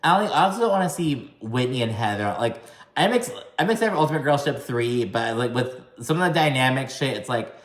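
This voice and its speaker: Animated and a little fast, he gossips his way through a reality show recap, cursing a lot and mocking the cast's lines in high, over-the-top voices, all in a reverberant space.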